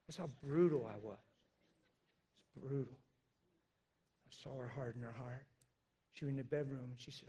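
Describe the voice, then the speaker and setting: A male pastor preaching a sermon, swinging between loud shouting and quiet, blunt confession. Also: medium pitch, steady tone, normal speed, long pauses, slightly rough.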